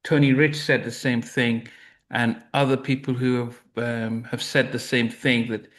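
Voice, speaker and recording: A man's voice: mid-range voice, little pitch movement, unhurried, a bit bright. A man hosting an interview, asking questions that stumble and restart often. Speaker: interview host.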